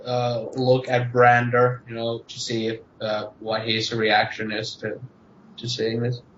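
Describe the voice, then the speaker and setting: A man's voice: medium pitch, monotone, unhurried, fairly bright tone, slight background noise. A man hesitantly describing his character's actions as a tabletop player over a video call. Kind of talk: in-character game talk. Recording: echoey muffled online call.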